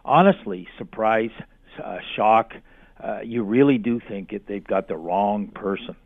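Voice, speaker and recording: A man's voice: fairly low pitch, unhurried, dry recording. A man from Canada calling in as a radio guest, telling his story earnestly and emphatically. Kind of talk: phone interview. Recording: tinny phone line.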